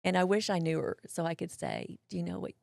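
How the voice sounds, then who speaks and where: A middle-aged woman with a lowish, gravelly, slightly fast voice is recorded in a clean studio with no room sound. As an interview guest, she tells a personal story, animatedly acting out what people said to her in drawling voices.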